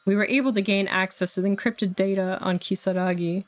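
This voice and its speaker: A woman voicing a businesslike police commissioner in a game, giving orders in a brisk way. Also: mid-range voice, fairly even intonation, dry recording, lightly acted. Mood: briefing.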